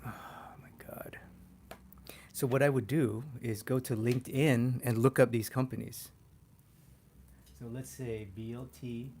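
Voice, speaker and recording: A man, a poster artist teaching casually on a livestream, excitable, swearing freely and laughing often. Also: medium pitch, a little hiss or hum.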